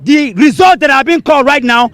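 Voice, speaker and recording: A man with a Nigerian accent leading a street protest, declaiming demands to the crowd with forceful repetition. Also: extremely high pitch, animated, fairly quick. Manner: forceful, declaiming, repeating lines for emphasis. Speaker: protest leader.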